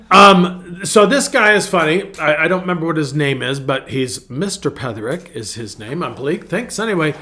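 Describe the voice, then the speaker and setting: A man's voice: on the high side, a bit bright. A man pastor giving a casual devotional talk in a rambling, conversational way with frequent restarts.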